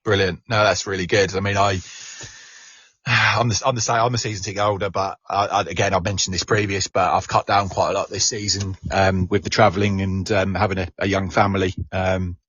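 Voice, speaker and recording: Deep, husky man hosting a podcast. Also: little pitch movement, brisk, a bit bright, dry recording, highs cut off. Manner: hesitant, many restarts and fillers, enthusiastic reactions. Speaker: podcast host. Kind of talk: casual chat.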